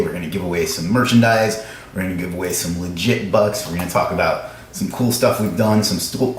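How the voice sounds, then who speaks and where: A man hosting a live stream, chatting casually with viewers in a fast, joking, self-mocking way, in a room with echo. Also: lowish voice, slight background noise. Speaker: livestream host. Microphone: livestream camera setup. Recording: echoey room sound.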